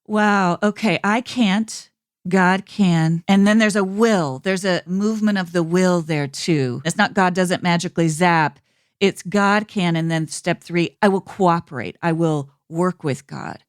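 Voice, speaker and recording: A woman's voice: fairly low pitch, measured pace, few pauses, no room sound, studio quality. A woman hosting a conversational interview podcast, asking thoughtful, curious questions.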